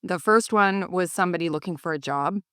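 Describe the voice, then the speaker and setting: A woman's voice: lowish voice, brisk, clear, resonant tone, no echo, studio quality. A woman co-hosting a business podcast, chatting with an upbeat coaching manner. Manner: upbeat, animated in anecdotes, coaching tone. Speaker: podcast co-host, cleaning business owner. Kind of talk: casual conversation.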